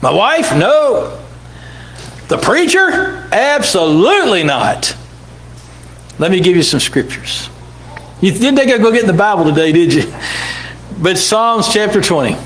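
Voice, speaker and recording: A man preaches in church with a high, lively voice that climbs and drops widely. He speaks slowly, dramatically acting out the figures of the scripture stories. A faint hum sits under the recording. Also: poor audio. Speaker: pastor. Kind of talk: sermon.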